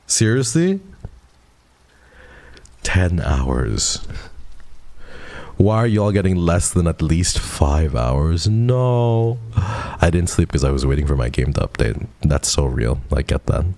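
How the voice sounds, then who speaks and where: A man's voice: deep voice, sing-song, slow pace, long pauses, darkish tone, no room sound. A man in his twenties, a streamer casually chatting with his viewers and playfully teasing them with mock outrage. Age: 20s.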